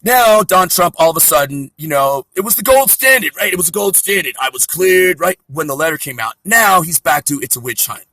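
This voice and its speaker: A man's voice: high-pitched, animated, fairly quick, few pauses, pushed and bright, no echo, rough recording. A man delivering a profane, sarcastic comedy rant.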